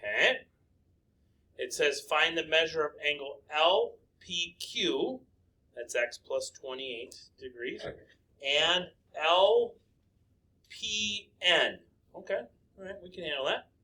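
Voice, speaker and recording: A man's voice: on the high side, lively intonation, slow, sharp tone. A man teaching a recorded math lesson, working through problems step by step and asking himself questions aloud before answering them.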